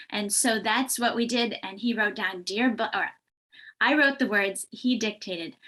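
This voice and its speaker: A woman's voice: medium pitch, measured pace, sharp tone. A woman who writes children's books, giving an earnest online summit talk on early literacy with many ums and little stories. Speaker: children's book author, guest speaker.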